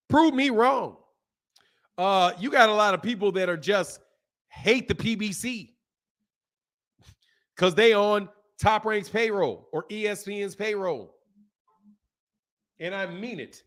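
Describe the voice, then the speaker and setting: A man hosting a boxing channel, talking in a casual, opinionated way, animated and laughing often as he answers his chat. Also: high-pitched, a little slow, long pauses.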